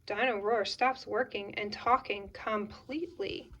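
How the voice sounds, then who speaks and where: A woman reading a children's picture book aloud in a gentle, expressive way. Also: medium pitch, unhurried, dull audio. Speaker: storyteller. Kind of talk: children's storybook read-aloud.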